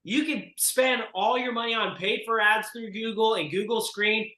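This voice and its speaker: A man with a high, bright voice leads a group coaching session for real estate agents. He speaks with force and emphasis and keeps pressing his listeners to act. The room gives his voice a noticeable echo. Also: moderate pace.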